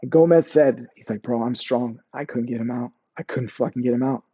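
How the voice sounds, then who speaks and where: Profane, halting veteran man with a mellow voice. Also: breathy edge, muffled recording. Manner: profane, halting, restarts often, lowers voice on painful memories. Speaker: army veteran guest. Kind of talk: candid interview storytelling.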